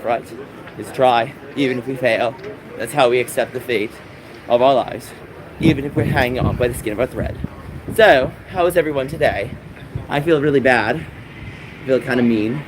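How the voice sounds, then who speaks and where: A man livestreaming outdoors, talking in a rambling, casual way to his chat. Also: medium pitch. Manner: rambling, repetitive calling out to passersby. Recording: street noise and passing traffic.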